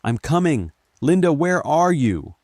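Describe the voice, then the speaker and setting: A man playing a panicked husband who snaps and shouts in terror. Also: on the low side, very animated, moderate pace, no echo, clean studio sound, voice pushed up. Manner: shouting, hissing, snapping.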